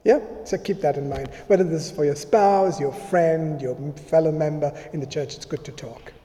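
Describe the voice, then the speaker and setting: Male pastor, conversational sermon, raised pitch, long church-hall echo. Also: moderate pace, dark tone. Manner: conversational preaching, acting out quoted speech.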